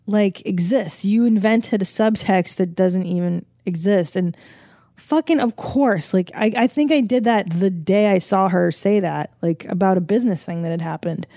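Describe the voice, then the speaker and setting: A woman's voice: mid-range voice, normal speed, mellow, no echo, studio quality. Frank, rambling woman podcast host. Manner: rambling, frank and profane, with frequent laughs and fillers. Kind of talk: casual podcast monologue.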